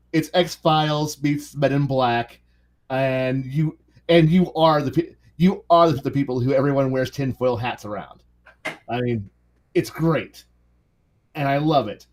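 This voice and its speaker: A man co-hosts a casual podcast about tabletop role-playing games, rambling with lots of restarts and fillers. His voice is mid-range with a darkish tone.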